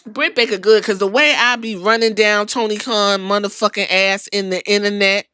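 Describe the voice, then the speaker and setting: A woman hosting a podcast, ranting in casual commentary with an incredulous, profane, animated manner. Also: mid-range voice, moderate pace, few pauses, clear, resonant tone, dry recording. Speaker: podcast host.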